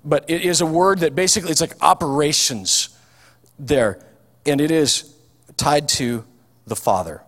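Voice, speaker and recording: Male pastor, casual folksy preaching, slightly high pitch, recorded in a reverberant church hall. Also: measured pace, long pauses, fairly bright tone. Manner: folksy, chatty preaching with frequent ums and restarts. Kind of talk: sermon.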